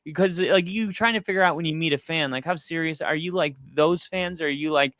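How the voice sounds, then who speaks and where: A man's voice: fairly high pitch, fairly quick, dry recording, clean studio sound. A man co-hosting a casual football podcast, telling stories animatedly and acting out the quotes. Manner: animated storyteller, acts out quotes. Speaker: podcast co-host. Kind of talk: casual sports chat.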